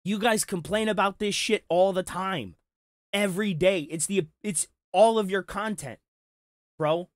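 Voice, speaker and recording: A man's voice: sits high, measured pace, no echo, clean studio sound. A man giving heated, profane reaction commentary, talking with sarcasm and frustration. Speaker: commentary streamer.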